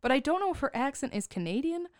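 A woman's voice: sits high, sing-song, fast talker, no room sound, clean studio sound. A woman co-hosting a podcast, casually recapping a movie and laughing often. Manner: giggly, chatty, laughs often. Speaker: podcast co-host.

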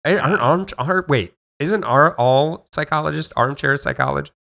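A man co-hosting a podcast in loose, joking conversation. He rambles and backtracks mid-thought, with a notably bright, forward voice. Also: fairly high pitch, moderate pace, gravelly. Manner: rambling, self-correcting, jokey. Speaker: podcast co-host. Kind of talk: casual chat.

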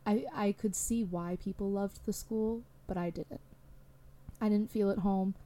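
A woman's voice: mid-range voice, steady tone, measured pace, warm tone. A young adult woman hosting a solo podcast, talking candidly in a rambling way with lots of fillers. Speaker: podcast host.

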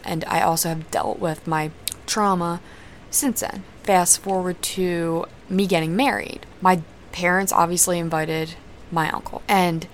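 A young woman with a fairly low voice tells her own story in an open, unguarded way. She talks conversationally and swears without hesitation. A faint hiss of noise sits beneath her voice. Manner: candid, swears freely, conversational. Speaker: podcast host. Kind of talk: personal storytelling.

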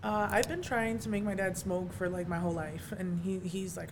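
A woman's voice: on the low side, fairly quick, a little hiss or hum. Laughing woman telling stories, casual chat. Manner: laughs often, animated storytelling. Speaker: guest, cannabis product maker.

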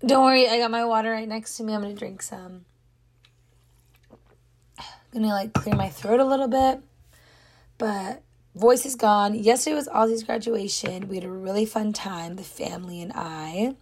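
A young woman hosting her own podcast, her voice hoarse and nearly gone, talking in an earnest, rambling way full of "like". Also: mid-range voice, moderate pace, long pauses. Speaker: podcast host. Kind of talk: casual solo podcast talk.

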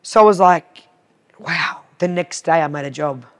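Australian woman, podcast guest, animated storyteller who acts out the dialogue. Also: low-pitched, normal speed, slight background noise. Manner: animated, acts out both sides of conversations. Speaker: podcast guest, cleaning business owner. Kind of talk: casual storytelling interview.

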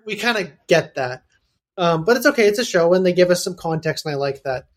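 A man's voice: high voice, animated, quick pace. Hesitant, thoughtful male podcast co-host. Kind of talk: casual chat.

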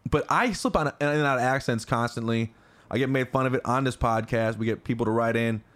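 A man co-hosting a comedy podcast, excitable and jokey, swearing freely in casual banter. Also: medium pitch, a little fast. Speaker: podcast co-host.

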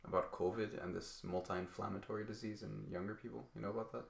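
A man's voice: on the low side, fast, vocal fry. A young man co-hosting a podcast in casual chat, swearing freely and telling stories with energy. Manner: animated storyteller, swears freely. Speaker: podcast co-host. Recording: echoey room.

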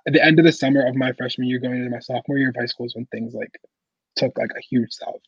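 A young man with a husky, slightly breathy voice recounts his story in an easygoing way, peppering nearly every phrase with "like". The recording is dry and a bit dull, with no room around him. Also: mid-range voice, steady tone, fast, dry recording. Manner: casual, heavy use of "like" fillers. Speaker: podcast guest. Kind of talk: personal storytelling interview.

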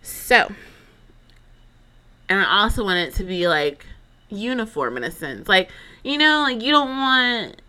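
Young woman host, lively dramatic storyteller, bright lower voice. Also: a little slow, pauses often. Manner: chatty, dramatic, lots of fillers and asides. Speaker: podcast host. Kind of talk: casual storytelling monologue.

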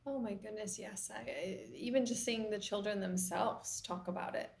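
A woman producer answers interview questions in an eager, flowing way, sometimes tripping back over her own phrases. Her voice has a gravelly, fry-edged texture at a middle pitch. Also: normal speed. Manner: eager, fluent, restarts phrases when excited. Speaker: TV series producer, interview guest. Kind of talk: conversational interview.

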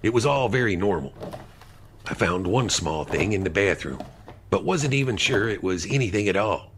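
A man narrating a mystery story in the first person, in a dry, measured storytelling manner. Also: lowish voice, animated, a bit bright, slight background noise. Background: music.

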